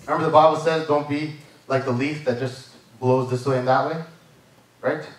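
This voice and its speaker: A man gives a sermon at a church service in a mid-range voice with fairly even intonation and normal speed. He's conversational, keeps asking "right?" and "amen?", and the mic is far off in an echoey church hall.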